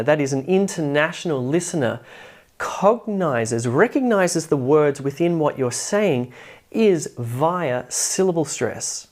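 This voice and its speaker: Woman, pronunciation teacher, deep voice, clear explanatory delivery. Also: a little mellow. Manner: explanatory, slowly contrasts word stresses. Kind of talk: online lesson.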